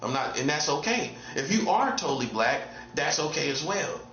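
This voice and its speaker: Guy preaching off the cuff, fairly high voice, keeps asking rhetorical questions, roomy muffled sound w faint hum. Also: very animated, moderate pace, a bit bright. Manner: repetitive, drives points home with rhetorical questions. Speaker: self-styled prophet. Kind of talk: casual preaching monologue.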